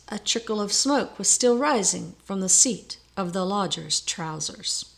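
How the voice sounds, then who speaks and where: Expressive woman storybook narrator. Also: mid-range voice, unhurried, few pauses. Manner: lively and expressive, leaps into loud character voices.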